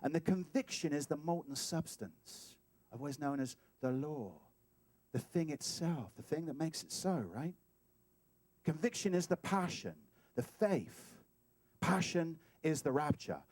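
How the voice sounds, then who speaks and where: A man giving a sermon as a guest speaker, animated and playful, acting out little scenes as he talks. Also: on the high side, a little slow, no echo. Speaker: guest speaker at a spiritual center. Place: talk hall.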